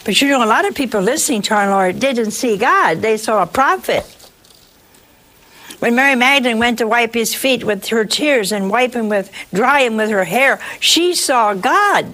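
A woman's voice: a little high, animated, moderate pace, a bit bright. A woman preaching a sermon in a conversational, emphatic way, full of rhetorical questions.

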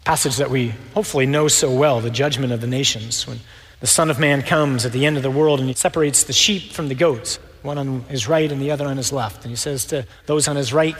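A man preaching a sermon in an animated, wry, conversational way. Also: mid-range voice, a little fast, in a large hall.

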